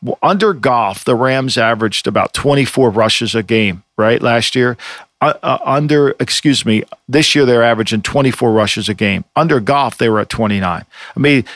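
A male co-host in casual sports talk, rambling through his points with lots of restarts. His voice sits at a middling pitch, recorded dry with no room sound. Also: normal speed, fairly bright tone, no room sound. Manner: rambling, frequent restarts and fillers. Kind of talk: casual sports betting chat.

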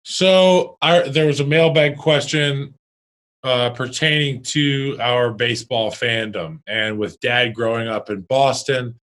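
A man's voice: mid-range voice, fairly bright tone, low-quality recording. Blunt joking young man co-hosting. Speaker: podcast co-host. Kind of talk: casual podcast chat.

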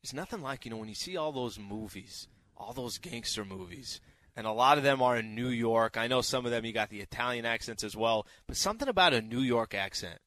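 A man's voice: medium pitch, lively intonation, fairly quick, bright, forceful tone. A man co-hosting a radio talk show, joking in casual banter. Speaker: radio co-host. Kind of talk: casual chat.

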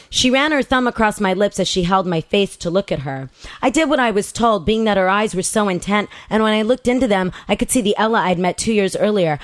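Lively, frank woman telling her own story. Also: a little high, no room sound. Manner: candid, profane, laughs at herself. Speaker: podcast host. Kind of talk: reading a personal story aloud.

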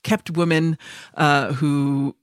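A woman's voice: low voice, steady tone, slow, no room sound, clean studio sound. A woman co-hosting a podcast about films, talking casually, laughing often and acting out lines in other voices. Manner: chatty, laughs often, acts out quotes. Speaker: podcast co-host. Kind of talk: casual film discussion.

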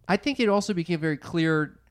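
A man's voice: sits high, expressive, fast talker. Young man, wry casual storyteller. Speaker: podcast host, comedian. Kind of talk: casual podcast chat.

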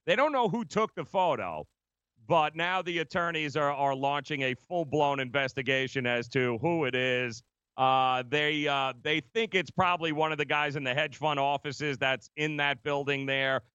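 A man's voice: on the high side, moderate pace, bright, forceful tone, smooth, no room sound, muffled recording. A man hosting a sports radio show, telling a gossip story in casual chat with lots of fillers.

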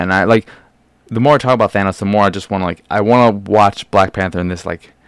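Low gravelly man reviewing a film. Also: no room sound. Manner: rambling, with frequent restarts and fillers. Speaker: podcast host reviewing a film. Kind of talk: casual spoken review.

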